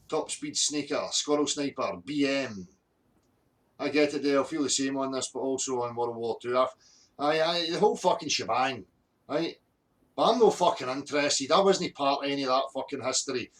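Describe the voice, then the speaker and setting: In a mid-range, slightly bright voice at a moderate pace, a Scottish man hosts a live stream, ranting angrily and bluntly. He swears heavily and greets viewers from the chat.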